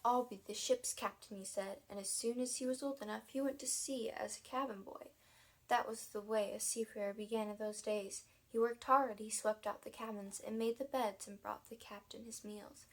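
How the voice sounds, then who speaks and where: Woman reader, children's story narration, casual and unpolished. Husky with a gravelly edge. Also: a little high, steady tone, normal speed, low-quality recording. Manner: casual reading with restarts and asides. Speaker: audiobook reader.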